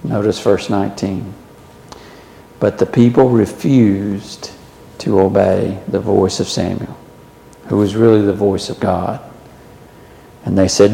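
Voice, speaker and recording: Slow, echoing male preacher. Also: steady tone, vocal fry. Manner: swings from loud emphatic questions to low quiet warnings. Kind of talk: sermon.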